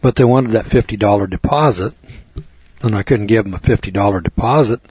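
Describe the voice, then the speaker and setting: A man's voice: fairly low pitch, a little fast, darkish tone, husky, dry recording, dull audio. A man telling a folksy anecdote to an audience in a conversational way, repeating phrases for emphasis. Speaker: storyteller addressing an audience.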